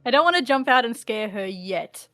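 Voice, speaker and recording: A giggly woman jokes her way through a tabletop game as a player. Her voice sits fairly high, with faint music underneath. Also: animated, normal speed, fairly bright tone. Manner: giggly, joking. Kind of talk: casual tabletop game play.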